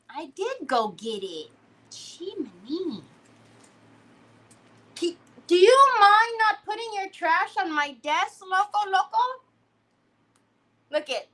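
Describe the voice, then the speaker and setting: A woman's voice: very high voice, a bit bright. A woman hosting a crafting livestream in casual chat, playfully teasing and fondly scolding a pet while she works.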